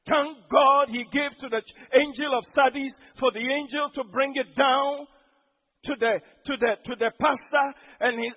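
A man preaching a sermon as pastor, breaking into sudden loud emphatic outbursts. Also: very high voice, slightly rough, dull audio.

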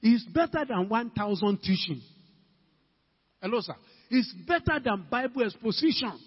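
A man with a Ghanaian English accent preaching a sermon, calling out to the congregation with emphatic questions and rising to shouts. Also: very high voice, lively intonation, normal speed, slightly rough. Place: church hall. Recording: dull, reverberant church hall recording.

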